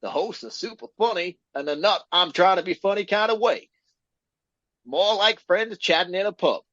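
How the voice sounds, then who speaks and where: Man doing an overblown Deep South cowboy drawl, pitched up high, on a dull, dry mic. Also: normal speed, fairly bright tone, no echo. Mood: hammy cheerful. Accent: put-on American Deep South. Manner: exaggerated drawl with whoops of "howdy".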